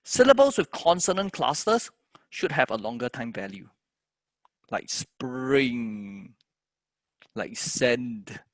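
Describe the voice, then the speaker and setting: A man's voice: fairly high pitch, wildly swooping pitch, normal speed, no room sound. A man teaching a music composition lesson, explaining step by step and chanting the words of a poem in rhythm.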